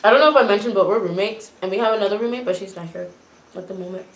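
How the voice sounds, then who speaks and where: A young American woman from Florida chatting with her roommates, telling a story with lively, shrieking acted-out quotes. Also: mid-range voice, very fast, echoey room. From Florida, USA. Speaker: vlogger. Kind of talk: casual chat, mukbang.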